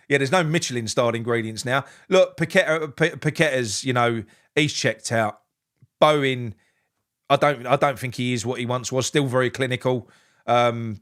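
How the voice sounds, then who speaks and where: A man's voice: mid-range voice, a bit bright. A man hosting a live fan reaction stream, reading out chat messages and venting his frustration with plenty of swearing and restarts. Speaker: fan channel host.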